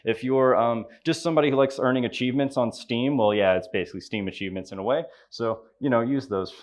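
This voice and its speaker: A man with a Southern US accent giving a live conference tutorial, upbeat and chatty, joking with the audience as he runs a software demo. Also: medium pitch, fast talker, slight background noise. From Southern United States. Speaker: conference presenter.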